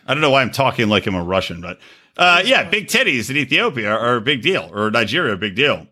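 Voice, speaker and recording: A man co-hosting a podcast over a video call, telling rowdy, crude stories in a loud, animated way. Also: mid-range voice, fast talker. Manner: rowdy, crude, animated storytelling with put-on voices. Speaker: podcast co-host. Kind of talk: casual chat.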